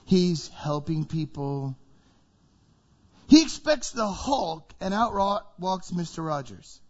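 A man's voice: sits high, takes it slowly, muffled recording. A man preaching a sermon, vividly acting out biblical figures as he tells the story. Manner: acts out biblical figures with lively quoted voices.

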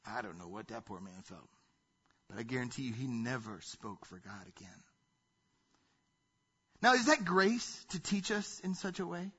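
A man preaching a sermon in a dramatic way, acting out quotes loudly and dropping to hushed asides. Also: medium pitch, huge pitch swings, moderate pace, long pauses, breathy edge, muffled recording. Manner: dramatic, swings between loud acted quotes and hushed asides. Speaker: pastor.

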